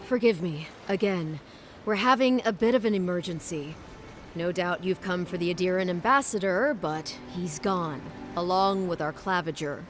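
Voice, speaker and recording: A woman's voice: on the low side, normal speed, soft background music, natural voice. An actress playing a harried female guard captain in a game, weary and apologetic.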